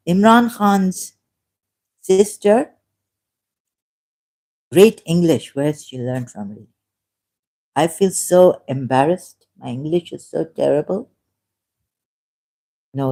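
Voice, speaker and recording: Low, slow-talking woman livestreaming. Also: darkish tone. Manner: halting, self-correcting, with frequent laughs. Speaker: livestream host. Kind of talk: unscripted livestream commentary.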